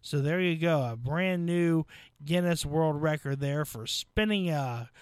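A man's voice: a little high, a little slow, smooth, dry recording. A man hosting a local radio call-in trivia show, friendly and chatty with callers.

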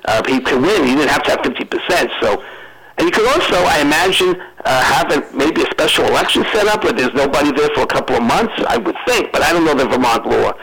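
A man's voice: fairly high pitch, sing-song, fast, crowd noise, rough recording. A man talking as a radio guest in casual chat, musing and thinking aloud.

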